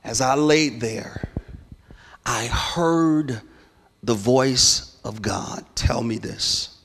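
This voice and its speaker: A man's voice: medium pitch, drawn-out words, creaky. Impassioned preacher man in a reverberant church. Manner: impassioned, building to loud declarations. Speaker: guest preacher. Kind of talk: sermon. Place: church sanctuary. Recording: long hall reverb.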